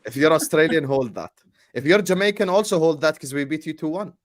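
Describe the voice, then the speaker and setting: A man's voice: a little high, expressive, brisk. A man on a football podcast panel, teasing and arguing with the others in casual banter. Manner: teasing, argumentative.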